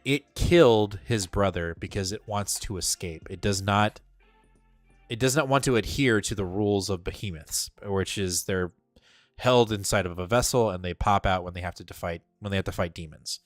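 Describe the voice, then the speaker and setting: A man co-hosting a casual comic book review show, talking excitedly with lots of fillers and casual swearing. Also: lowish voice, moderate pace, no echo, clean studio sound, faint music behind. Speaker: podcast co-host.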